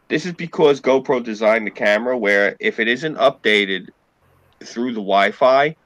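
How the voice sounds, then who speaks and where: A man's voice: mid-range voice, fairly bright tone, no room sound. A man telling long, rambling stories in a casual group chat, swearing freely. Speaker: podcast co-host.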